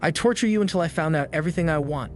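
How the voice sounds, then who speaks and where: Brief: man voices a mocking young hero, cold and taunting, lightly raised pitch. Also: rapid-fire, soft background music, natural voice.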